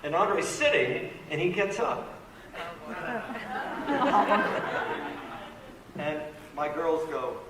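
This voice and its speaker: A man's voice: very slow, pauses often, a loud crowd. Older man telling a story, far off in an echoey hall. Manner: animated storyteller who raises his voice high for children's lines. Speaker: actor on a convention panel. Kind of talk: anecdote told to an audience. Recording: echoey, distant, noisy hall audio.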